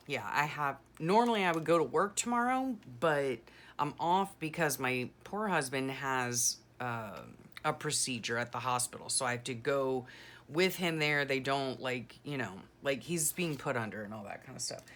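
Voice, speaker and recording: A woman's voice: very deep voice, expressive, normal speed, a bit bright, slight background noise. A middle-aged woman chatting casually and rambling through a story, full of "you know" and "like", as a journaling vlogger.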